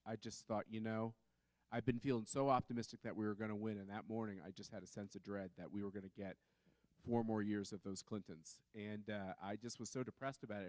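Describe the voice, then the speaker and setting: A man's voice: mid-range voice, no room sound. A man on a conference panel telling a story in a chatty way, full of fillers and restarts. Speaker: panel speaker.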